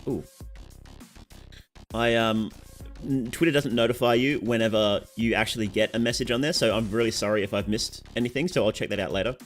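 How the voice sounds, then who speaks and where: A man's voice: medium pitch, fairly quick, faint music behind. A young Australian man with a sore throat chatting casually on a game stream, reading out chat and answering it.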